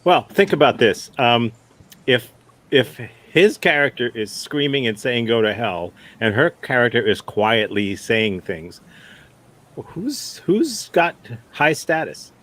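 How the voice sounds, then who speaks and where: Slow, halting male improv teacher. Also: medium pitch, sing-song, a bit bright. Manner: thoughtful, halting, with many restarts. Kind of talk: teaching feedback.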